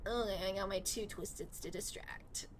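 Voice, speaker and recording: A woman streaming a game live, chatty and excitable, swearing often and talking to her chat. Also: medium pitch, moderate pace, noisy background. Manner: excitable reactions, sudden outbursts. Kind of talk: live gaming commentary.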